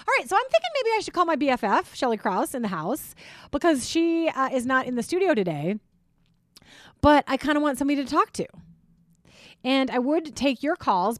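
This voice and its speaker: A woman's voice: mid-range voice, no echo. A middle-aged woman hosting a casual radio talk show from a studio, chatty and playful, laughing often. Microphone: studio microphone.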